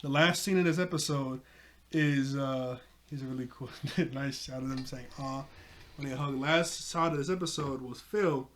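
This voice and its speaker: A man casually recapping a cartoon episode in an excited, rambling way, full of fillers. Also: medium pitch, moderate pace. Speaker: TV episode reviewer.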